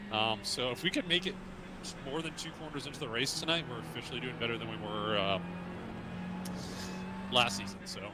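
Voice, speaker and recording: A man's voice: mid-range voice, heavy background noise. A man hosting a live sim racing stream, talking casually while he drives, with frequent ums and easy laughs. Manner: chatty, laughs easily, many ums. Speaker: host.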